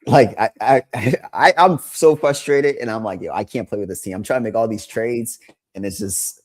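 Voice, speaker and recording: A man co-hosting a sports podcast, excitable in casual chat, often restarting his sentences. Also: mid-range voice. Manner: excitable, lots of restarts and laughter. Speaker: podcast co-host.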